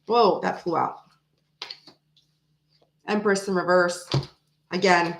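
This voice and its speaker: A woman's voice: lowish voice, fairly even intonation, takes it slowly, vocal fry, reverberant, a little hiss or hum, poor audio. A woman doing a casual tarot reading to the camera, thinking aloud and repeating her phrases as she pulls cards. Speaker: tarot reader.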